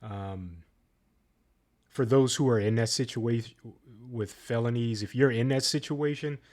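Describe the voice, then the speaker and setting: A man's voice: medium pitch, a little mellow. A man hosting a reaction video, commenting casually with frequent ums and uhs and restarts. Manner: halting, many ums and uhs. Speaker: reaction channel host.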